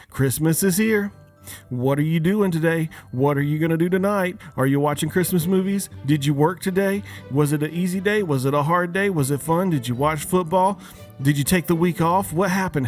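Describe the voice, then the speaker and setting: A man hosting a podcast, a father of young kids, delivering a joking, casual holiday rant and firing many questions at his listeners. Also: fairly high pitch. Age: adult, father of young kids. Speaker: podcast host.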